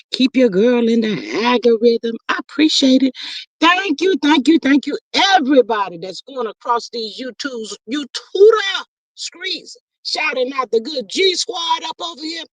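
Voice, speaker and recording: A woman hosting a casual live stream, greeting viewers and reading out their comments in an animated, slangy way. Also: fairly high pitch, no room sound. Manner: chatty, animated, Southern-style slang.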